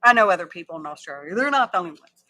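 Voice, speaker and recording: Her voice sits on the low side, with a sharp edge, and she talks fast and animatedly. Crafting live for her viewers, this woman keeps things casual, jokes at her own expense, and walks through each step of her work.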